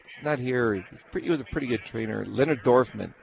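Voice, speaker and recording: A fast-talking man with a mid-range voice and vocal fry comes through dull audio carrying a little hiss or hum. He tells rambling stories of his racehorse-training years in a casual interview, acting out what others said and restarting his sentences often.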